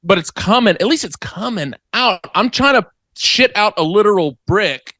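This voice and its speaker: A man's voice: high-pitched, normal speed, no echo. A young man co-hosting a comedy podcast, telling exaggerated stories in casual chat. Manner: animated, exaggerated storytelling. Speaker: podcast co-host.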